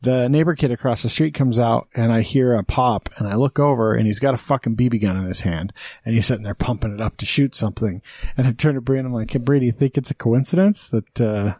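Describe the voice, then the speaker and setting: A man telling a story on a podcast, swearing often and getting animated as he goes. His voice sits at an ordinary pitch. The sound is dry and close, with no room around it. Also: fast talker, no echo. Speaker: podcast co-host. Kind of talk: casual chat.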